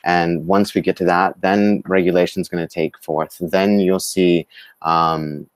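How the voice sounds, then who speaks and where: A man co-hosting a live-streamed talk show, speaking in a halting way with many fillers and restarts. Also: deep voice, level tone, dry recording. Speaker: co-host. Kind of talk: live-streamed casual discussion.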